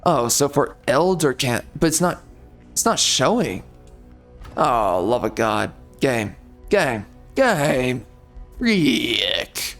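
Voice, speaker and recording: Rambling, profane gameplay commentator, slow-paced. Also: male voice, mid-range voice, big pitch swings, a bit bright, soft background music. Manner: rambling, profane, easily exasperated.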